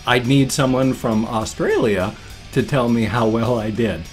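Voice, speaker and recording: A man's voice: mid-range voice, lively intonation, unhurried, faint music behind. A man in his fifties chatting casually in his vlog, rambling and easily sidetracked. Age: 50s. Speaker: vlogger. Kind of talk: casual chat.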